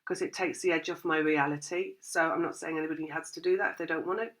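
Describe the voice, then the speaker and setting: A woman's voice: low voice, fairly even intonation, fast talker, a bit bright. A woman giving a casual, rambling tarot reading, laughing often and acting out her listeners' thoughts. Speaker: tarot reader.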